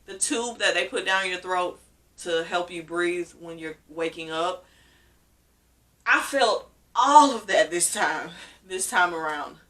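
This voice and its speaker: A young woman vlogger telling a personal story in a casual, animated way, laughing often and saying "literally" again and again. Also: fairly low pitch, slow. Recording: voice a bit far from the mic.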